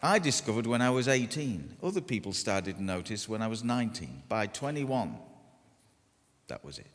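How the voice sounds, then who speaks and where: A man preaching a sermon, telling stories with self-deprecating humour and deliberate pauses. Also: fairly low pitch, sing-song, fairly bright tone. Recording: long hall reverb.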